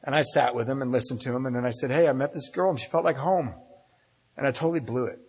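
A man's voice: medium pitch, fast, a little mellow, husky. A man telling a personal story live in a candid, wry, self-deprecating way. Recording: long reverb in a large hall.

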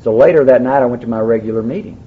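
A man's voice: mid-range voice, racing, slight background noise. A man speaking at a recovery meeting, telling his story in a folksy way with dry humor. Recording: dull lo-fi recording, faint background.

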